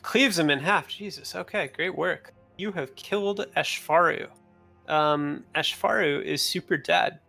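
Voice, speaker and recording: A man narrating a tabletop role-playing game as game master, talking in a relaxed, loose way with fillers. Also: on the high side, measured pace, creaky, soft background music.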